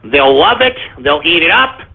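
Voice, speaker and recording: A man putting on a voice for a scheming male corporate marketing guy, smug and salesy, in a gravelly voice. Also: a little high, sing-song, moderate pace, pitched below the performer's own voice, full character voice. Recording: tinny phone-like lo-fi.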